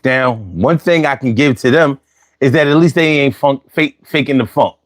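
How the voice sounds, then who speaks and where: A man's voice: medium pitch, normal speed. Guy w/ doing a loose chatty livestream, slangy, repeats himself a lot. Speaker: livestream host reading chat. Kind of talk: casual livestream chat.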